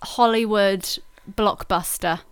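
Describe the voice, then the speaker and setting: A woman's voice: mid-range voice, steady tone, slow pace, clean tone, no echo. A woman hosting a casual podcast chat, playful and leading the questions. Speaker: podcast host.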